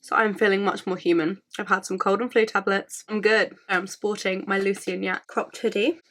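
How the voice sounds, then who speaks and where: A young woman vlogging with a hoarse, croaky voice from a cold, chatty, self-mocking and sweary. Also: mid-range voice, fairly even intonation, normal speed, a bit bright. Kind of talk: casual chat to camera.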